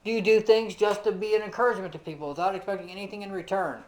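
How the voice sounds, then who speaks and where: A man's voice: high voice, fairly even intonation, very fast, poor audio. A man teaching a casual Bible lesson, talking conversationally with lots of "you know" and putting questions straight to his listeners. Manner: asks the listeners direct questions.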